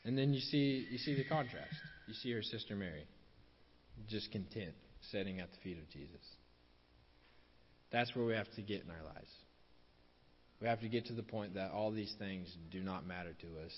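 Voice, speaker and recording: A man delivers a sermon in a low voice, driving his points home by repeating them. The recording sounds dull and lo-fi, with a long reverb trailing off through a large hall. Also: a little hiss or hum. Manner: repeats key phrases for emphasis, drops softer on closing lines. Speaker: preacher.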